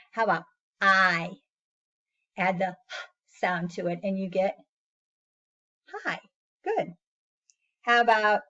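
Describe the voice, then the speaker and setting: Patient woman teacher leading a slow phonics lesson for kids, slightly dull recording. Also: medium pitch. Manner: slow, patient, sounds out words and praises often. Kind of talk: phonics lesson for young children.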